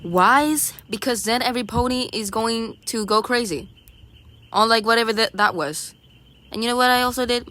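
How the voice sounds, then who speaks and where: A woman narrating her own video in a playful, goofy way, stammering and making up silly words, swinging between lively bursts and low mumbles. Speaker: vlogger. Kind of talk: casual voice-over narration of a video.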